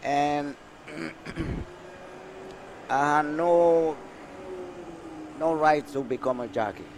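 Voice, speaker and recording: An older Panamanian man, a former jockey, reminisces about races in a slow, deliberate way, his Spanish accent colouring each phrase. He gets animated in the thick of a story and then trails off softly. A faint hum of ambience sits under the voice. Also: fairly high pitch. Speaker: retired jockey. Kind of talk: reminiscing interview.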